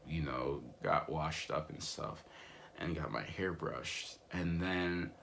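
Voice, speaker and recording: A man's voice: extremely low pitch, slow, vocal fry, a bit bright, a little hiss or hum. A young man vlogging in a rambling, laid-back way, full of fillers. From United States. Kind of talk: casual vlog monologue.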